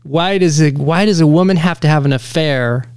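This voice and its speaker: A man co-hosting a podcast, talking casually and pausing to pick his words with care. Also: a little high, darkish tone, clean tone, no echo, studio quality. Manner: careful, searching for the right words. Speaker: podcast co-host.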